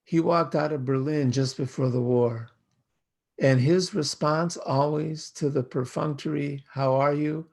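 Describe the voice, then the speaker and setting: Older American man, rabbi, slow meditative sermon, gravelly low-energy delivery. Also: a little mellow. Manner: slow, measured, poetic phrasing. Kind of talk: reflective spoken sermon.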